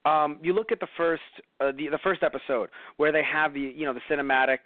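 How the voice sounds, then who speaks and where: Animated man on a tinny dry line. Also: a little high, quick pace, no room sound. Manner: animated, acts out quoted voices. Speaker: podcast co-host. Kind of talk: casual chat. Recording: tinny phone-like sound, dry.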